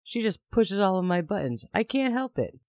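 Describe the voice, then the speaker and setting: A man's voice: high voice, big pitch swings, moderate pace, no echo, clean studio sound, pitched above the performer's own voice. A man voicing a defensive, volatile adult male partner who talks in a raised, accusing, self-pitying way. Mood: pleading.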